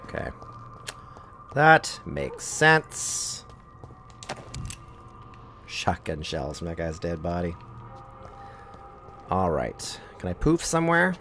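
A man streaming a game live, chatting casually and reacting loudly to what happens on screen. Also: low-pitched, big pitch swings, slow, pauses often. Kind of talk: live gameplay commentary. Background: game music.

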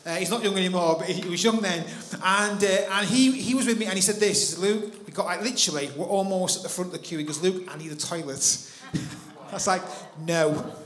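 A man preaching in church, telling a personal story with animated delivery and acting out his own thoughts. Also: sits high, brisk, echoey room. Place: church hall.

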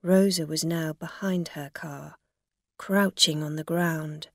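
Slow, gravelly woman narrator. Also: deep voice, fairly even intonation, no echo, clean studio sound. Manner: slow, careful, plain reading. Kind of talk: graded-reader story narration.

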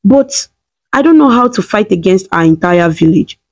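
A woman's voice: mid-range voice, animated, normal speed. A woman voicing a torn, anguished young husband and father who speaks in a pained, hesitant way.

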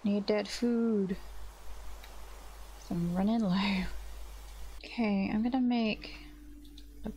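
A woman's voice: medium pitch, fairly even intonation, takes it slowly, long pauses, dark tone, a little hiss or hum. A young woman casually commenting on her own gameplay, chatty and self-mocking, greeting monsters in a sing-song voice. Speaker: gaming channel host.

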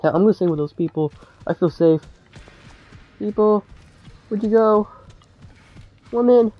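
A male gamer giving casual gameplay commentary, excitable and prone to yelling, his voice cracking when he shouts. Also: high-pitched, unhurried, no room sound, lo-fi sound, faint music behind.

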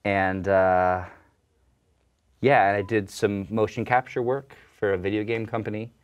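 A young man with a very low voice talks easily through an interview. He tells his stories in a relaxed way and jokes at his own expense. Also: unhurried, highs cut off, background noise. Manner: relaxed, joking storyteller. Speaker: actor and guest. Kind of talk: casual interview chat.

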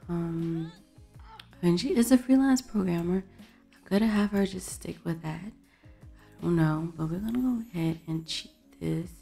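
A woman's voice: fairly low pitch, measured pace, vocal fry, warm tone. A woman hosting a casual let's play, chatting and exclaiming at the characters in her game. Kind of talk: casual gameplay commentary. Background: faint background music.

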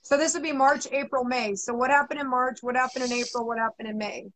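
A woman's voice: sits high, fairly even intonation, quick pace, fairly bright tone, poor audio. A woman psychic medium giving a live reading, soothing and chatty, often repeating herself.

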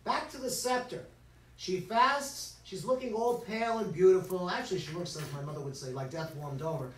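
In a synagogue sanctuary on Shabbat, this man tells a story in a humorous sermon, often turning to the congregation with playful asides. His voice sits high and his pace is moderate. The audio is echoey and distant, with faint background noise.

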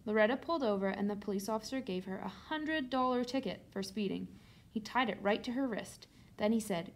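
A Canadian woman reading a children's storybook aloud as a librarian, doing animated voices. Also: a little fast. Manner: animated, shifts pitch high for shouts and dialogue.

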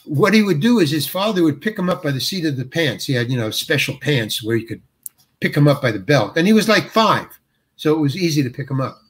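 An older man, an actor being interviewed, telling a story in a halting way with many restarts and acted-out quotes. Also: on the high side, very animated.

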